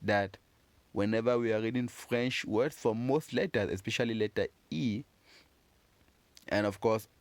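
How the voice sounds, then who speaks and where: A man giving a patient pronunciation lesson, slowly repeating words and encouraging learners. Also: mid-range voice, dry recording. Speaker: French teacher.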